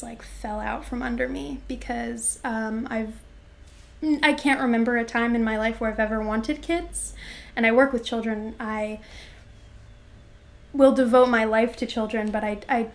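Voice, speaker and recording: A woman in her twenties telling her personal story in an interview, reflective and halting, with many fillers and restarts. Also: on the high side, fairly even intonation, vocal fry. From Florida, USA. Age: 20s.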